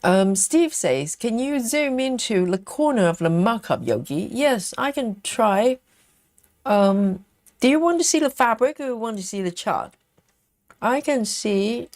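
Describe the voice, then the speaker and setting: A woman hosting a craft livestream, reading viewer comments aloud and thinking aloud with lots of ums in a relaxed, casual chat. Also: fairly high pitch, no room sound, studio quality. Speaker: cross-stitch livestream host.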